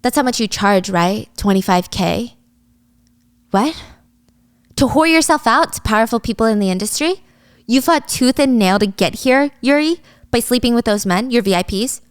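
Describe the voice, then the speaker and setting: A woman's voice: a little high, animated, normal speed, no room sound, studio quality, natural voice. A woman voicing a fierce young businesswoman who speaks coldly and threateningly. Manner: cold, threatening.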